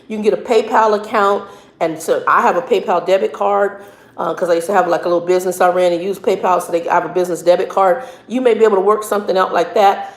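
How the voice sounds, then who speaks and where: A woman truck driver and minister giving casual, earnest advice, often halting and repeating words as she talks. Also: medium pitch, fairly even intonation. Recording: echoey room.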